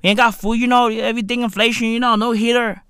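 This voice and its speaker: A man's voice: extremely high pitch, little pitch movement, fast talker, pushed and bright, smooth, no echo, studio quality. A man mimicking a struggling local who keeps complaining and saying "you know". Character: struggling hard-up Merseyside local, grumbling.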